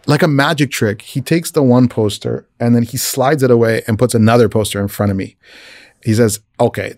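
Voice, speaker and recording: A man's voice: darkish tone, dry recording. Man, casual storyteller, mid-range voice, chatty restarts, dry close sound. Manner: retells conversations, often raising his pitch for the quoted speakers; frequent restarts and repeated words. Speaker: visual effects artist telling a career story. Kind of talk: casual personal anecdote.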